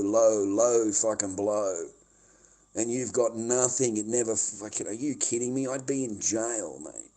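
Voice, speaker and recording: A man's voice: medium pitch, vocal fry, warm tone. A middle-aged man ranting angrily on a livestream, swearing and repeating himself. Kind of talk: angry livestream rant.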